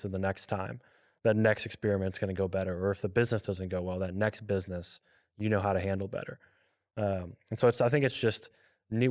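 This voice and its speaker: A male podcast host speaking in a measured, thoughtful conversational way. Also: low-pitched, darkish tone. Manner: measured, thoughtful, uses "you know" often. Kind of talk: reflective conversational talk.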